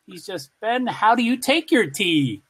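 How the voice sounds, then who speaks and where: Bright, high-voiced American man. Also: big pitch swings, measured pace, breathy edge. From United States. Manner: rambling, chatty, greets viewers. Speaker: co-host. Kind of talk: casual live-stream chat.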